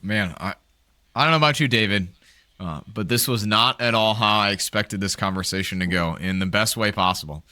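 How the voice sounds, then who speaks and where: Bright-toned low male co-host. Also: a little fast. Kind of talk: casual conversation.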